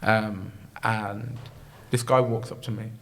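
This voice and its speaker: A poet from Birmingham with a Brummie accent, chatting casually as an interview guest and telling lively stories with frequent laughs. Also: male voice, on the low side, takes it slowly. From Birmingham, England. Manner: animated storyteller, laughs often, acts out quoted voices.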